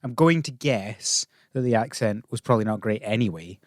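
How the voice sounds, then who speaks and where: A podcast co-host chats casually with a dry, wry delivery, sitting close to the mic in a dead room with no echo at all. His voice is fairly low and his pace moderate.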